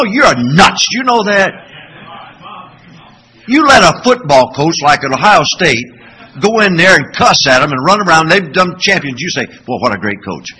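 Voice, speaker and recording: Animated, bright-voiced preacher man. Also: high voice, low-quality recording. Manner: animated storytelling preacher, rhetorical questions to the congregation. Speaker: pastor. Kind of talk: sermon.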